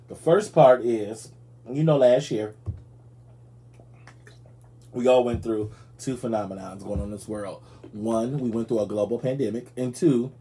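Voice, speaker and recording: Give me a man with a relaxed, warm voice chatting through celebrity gossip. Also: medium pitch. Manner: chatty, animated, addresses viewers as y'all. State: yawning, tired. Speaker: show host. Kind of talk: casual gossip commentary.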